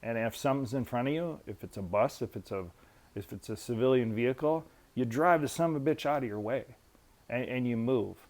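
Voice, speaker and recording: A man in his fifties, a military veteran, telling stories in a profane, animated way and acting out quotes. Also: mid-range voice, brisk. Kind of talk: casual storytelling.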